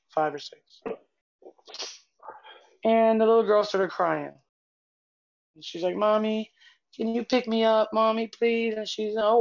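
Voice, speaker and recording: A woman's voice: medium pitch, gravelly, muffled recording. An older woman and podcast co-host, chatty and meandering as she tells a story in casual conversation. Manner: chatty, meandering, with frequent restarts.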